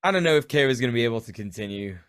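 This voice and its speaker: Playful British man with a lively pitch. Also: rapid-fire, smooth. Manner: playful, rambling, swears casually. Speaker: podcast co-host. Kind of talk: casual chat on a livestream.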